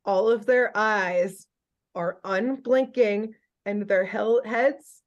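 A woman's voice: medium pitch, slow pace, muffled recording. Chatty young woman recapping a cartoon. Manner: animated storytelling, lots of "like". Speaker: podcast host. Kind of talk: casual cartoon episode recap.

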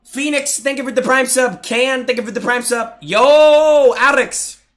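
A young man streaming a game live, chatting loudly and excitably with viewers, often breaking into shouts and laughs. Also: very high voice, a little fast. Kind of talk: live gaming stream chat.

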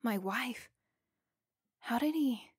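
A big, blunt hunter man behind the wheel, played by a woman storyteller, talking in a casual, gruff way. The delivery is slow and deliberate, recorded dry and close. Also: on the high side, animated, no room sound, exaggerated voice. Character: big, brash male hunter driving a truck.

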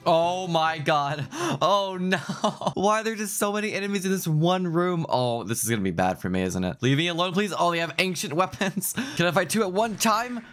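A man giving excited, jumpy commentary over his own gameplay, laughing often and talking back to the game. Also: sits high, moderate pace. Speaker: gaming video host.

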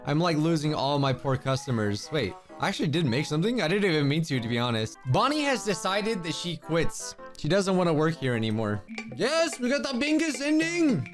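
A high-pitched man voicing his let's play commentary in a lively, swooping voice. He is excitable and jokey, throwing in exclamations as he plays. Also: a little fast, few pauses, over music. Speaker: gaming video creator.

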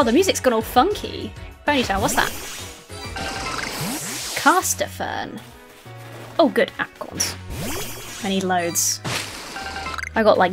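A woman hosting a casual let's-play, chatty and gushing, swearing casually, with faint game music behind her. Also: mid-range voice. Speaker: gaming video host.

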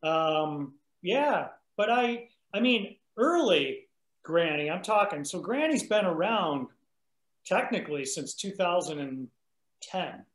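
A man's voice: sits high, sing-song, takes it slowly, fairly bright tone. A man, a musician guest, chatting casually in an interview and laughing often. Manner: laid-back, laughs often. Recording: roomy echoey sound.

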